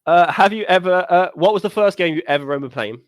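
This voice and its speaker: A young man co-hosting a gaming podcast in casual chat, teasing and blunt, swinging between low mutters and loud outbursts. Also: fast, dry recording. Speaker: podcast co-host.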